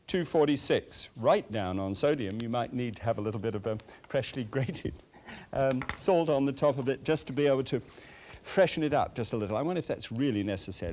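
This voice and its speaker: Lively English cooking host, older man. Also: medium pitch, slight background noise. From England. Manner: chatty and animated, tasting food between remarks. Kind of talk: cooking demonstration chat.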